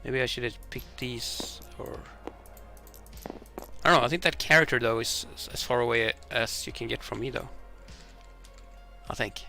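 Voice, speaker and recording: A man playing a board game alone, reading the rules and story cards aloud and thinking out loud with hesitant restarts. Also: medium pitch, moderate pace, vocal fry, pauses often, soft background music. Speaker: board game player demonstrating a game.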